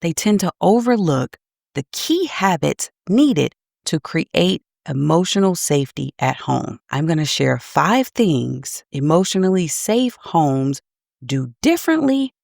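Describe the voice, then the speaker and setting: A woman's voice: low voice, very animated, unhurried, gravelly, a little mellow, no echo, clean studio sound. A middle-aged woman and parenting coach giving earnest, reflective advice straight to camera.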